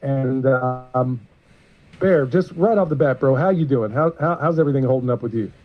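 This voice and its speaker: A man's voice: medium pitch, moderate pace. A man hosting a live-streamed show, introducing a guest in an earnest, emotional, rambling way. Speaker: podcast host. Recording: muffled lo-fi stream audio.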